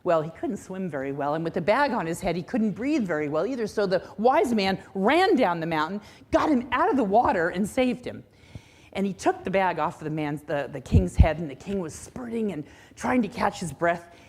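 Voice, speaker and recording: A woman's voice: mid-range voice, sing-song, normal speed, darkish tone, slightly rough. A woman minister giving a sermon, telling a story expressively, then teaching reflectively.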